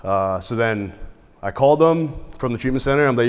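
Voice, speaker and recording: A man's voice: mid-range voice, expressive, quick pace, long reverb tail. A man, a podcast guest, telling stories in casual, profane chat, often laughing and acting out what others said. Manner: profane, laughs mid-story, acts out quotes.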